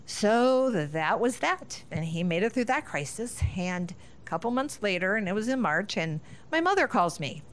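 A woman's voice: mid-range voice, sing-song, moderate pace. A middle-aged woman from Northern Ohio, a guest speaker, telling a family story with laughter and acted-out lines of dialogue. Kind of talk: storytelling talk.

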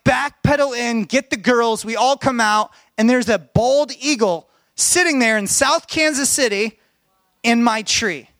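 Man, high voice, pastor, earnest sermon storytelling, dry sound. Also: fairly bright tone, no echo. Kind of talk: sermon with personal stories.

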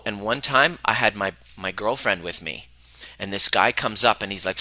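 Speaking to a live group about relationships, this coach is emphatic and blunt, cursing freely and repeating himself for emphasis. His voice is on the low side with a sharp tone at a moderate pace, in a low-quality recording with no echo.

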